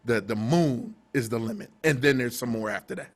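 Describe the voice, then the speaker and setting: A middle-aged TV station director with a mid-range voice speaks briskly in a casual interview. He tells stories in an animated way, laughing often and restarting many times.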